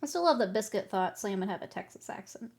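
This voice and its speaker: A woman's voice: medium pitch, expressive, fast, gravelly, darkish tone. A woman streaming her miniature painting, chatting casually, laughing often and answering her chat while she works.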